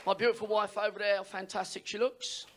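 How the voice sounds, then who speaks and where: A middle-aged man, the father of the groom, giving a wedding speech, emotional and pausing to sigh. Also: sits high, little pitch movement, heavy background noise. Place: wedding reception hall.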